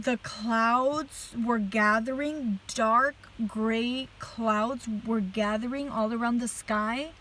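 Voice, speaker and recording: A woman's voice: fairly high pitch, poor audio. A woman telling a dream as a religious testimony in a casual, earnest way, full of "like" fillers. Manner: chatty, heavy use of "like" fillers; earnest and animated while retelling a dream. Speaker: person giving a religious testimony. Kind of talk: casual storytelling to camera.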